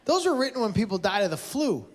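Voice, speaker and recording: A man's voice: sits high, very animated, quick pace. A man doing stand-up comedy on a theatre stage, teasing audience members in a playful way. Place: casino resort theatre stage. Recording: live show with crowd and background noise. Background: audience laughter.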